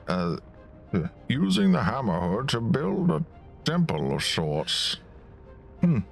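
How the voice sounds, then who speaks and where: A man voicing a wise old female prisoner with a slow, musing manner. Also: mid-range voice, creaky, pitched above the performer's own voice, heavily acted. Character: wise old woman, a fellow prisoner who knows monsters.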